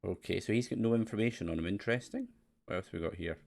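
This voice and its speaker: A man's voice: lowish voice, fast talker, creaky, darkish tone. A man playing a classic adventure game and chatting casually as he pokes fun at its voice acting. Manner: chatty, mocking the game's acting. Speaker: let's play streamer. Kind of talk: casual let's play commentary.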